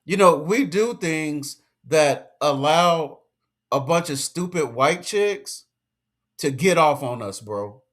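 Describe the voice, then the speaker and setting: A man with a fairly high voice delivering an emphatic, slangy commentary rant. He lectures his listeners and hammers each point home by repeating it. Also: lively intonation, takes it slowly. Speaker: commentary vlogger.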